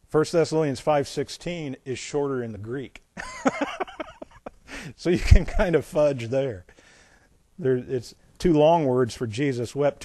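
A male pastor preaching, reading scripture aloud and then explaining it with folksy asides and dramatic swings between loud emphasis and quiet remarks. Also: medium pitch, dry recording. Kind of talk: sermon.

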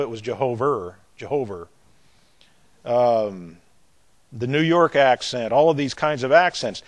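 An older man with a Southern American drawl delivers a sermon. His voice sits a little high, and he stretches and repeats words, swelling louder on the points he wants to drive home. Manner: emphatic, drawn-out delivery that swells in loudness on key words. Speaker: preacher.

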